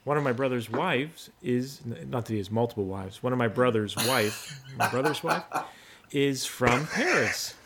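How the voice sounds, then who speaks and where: A man's voice: medium pitch, normal speed, slight background noise. A man co-hosting a podcast, telling funny stories in casual chat and playfully mimicking how others talk. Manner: animated storyteller, mocks accents playfully. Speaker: podcast co-host.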